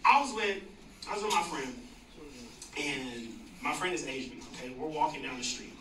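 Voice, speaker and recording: A stand-up comedian on stage, telling a chatty, animated story and doing impressions. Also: medium pitch, normal speed. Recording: distant, echoey club recording with loud noise.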